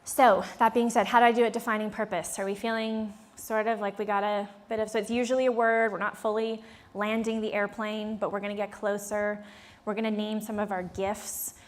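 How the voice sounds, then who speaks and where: A woman's voice: mid-range voice, little pitch movement, a little fast. A woman in her thirties leading a live workshop. She tells a story in a chatty way, acts out the dialogue, laughs often and speaks straight to the room. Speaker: workshop leader. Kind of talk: live workshop talk to an audience. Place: conference room before a live audience.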